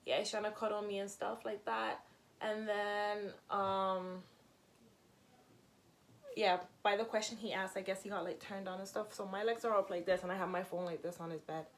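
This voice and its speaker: A young woman chats straight to her viewers in a relaxed storytime vlog, her voice sitting at an ordinary middle pitch. She tells the story candidly and expressively, with frequent fillers and the odd curse. A faint hum of noise sits behind her. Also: moderate pace. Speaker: vlogger.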